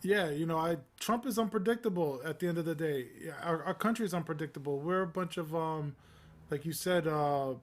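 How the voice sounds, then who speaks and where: Guy with a higher voice cohosting a podcast, rambly, loads of you knows and likes. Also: fairly quick. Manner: rambling, many fillers and restarts, informal slang. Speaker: podcast co-host. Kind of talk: casual news discussion.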